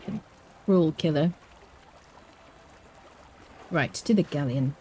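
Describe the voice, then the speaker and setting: A Scottish woman chatting playfully to viewers as she plays and guides a game, with careful, clear enunciation. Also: low voice, takes it slowly, darkish tone, slight background noise. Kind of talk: casual live-stream gameplay commentary.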